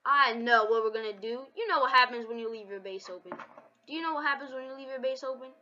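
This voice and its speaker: Mom gaming with her kid, super bright playful voice, taunty, sounds a bit muffled lo-fi. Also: fairly high pitch, fast talker. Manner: taunting, excitable, sing-song trash talk. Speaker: gameplay commentator. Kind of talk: playful game commentary. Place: home. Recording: dull lo-fi home recording.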